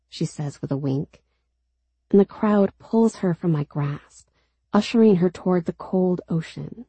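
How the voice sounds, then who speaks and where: A woman reading a first-person story aloud in a steady, low-key storytelling manner. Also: a little slow, breathy edge, dry recording. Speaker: narrator. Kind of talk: first-person audiobook narration.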